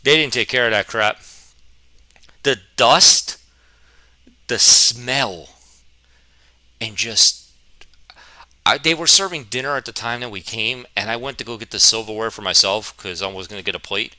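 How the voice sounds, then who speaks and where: A man in his twenties telling a rambling, animated, self-mocking story in a vlog, a little out of breath. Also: on the low side, unhurried, pauses often, no room sound. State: a bit out of breath. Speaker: vlogger.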